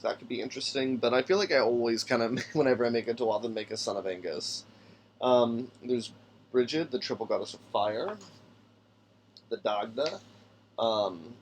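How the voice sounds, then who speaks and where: A man with a mid-range voice hosts a tabletop game podcast on his own, thinking aloud casually while he builds a character. He reads rulebook passages aloud and now and then trips over names, with slight background noise present.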